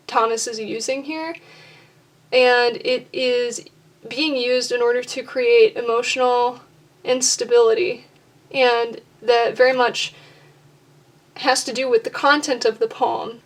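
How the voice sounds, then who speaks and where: A woman's voice: on the high side, steady tone. A young woman hosting her own channel, explaining poetry in a casual, thoughtful way, thinking aloud and correcting herself as she goes. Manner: thoughtful, self-correcting, talks through ideas slowly. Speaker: poetry teacher, channel host. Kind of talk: casual instructional talk on poetry.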